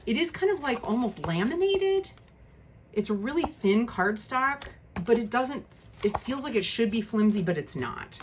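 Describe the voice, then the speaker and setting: A woman's voice: a little high, very animated, moderate pace, noisy background. A woman talking casually through a tarot deck walkthrough, frank and easily exasperated, with many ums and restarts. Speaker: tarot video creator.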